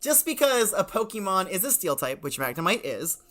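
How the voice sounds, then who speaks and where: Young male host in mock-professor role, lively bright delivery, flustered laughing banter. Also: sits high, moderate pace. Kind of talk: comedic podcast banter.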